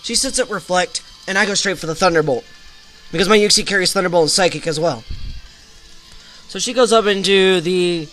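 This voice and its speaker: Bright, high-voiced man narrating a game battle. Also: a little fast, soft background music. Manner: chatty play-by-play retelling. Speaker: gaming channel host. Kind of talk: casual battle commentary.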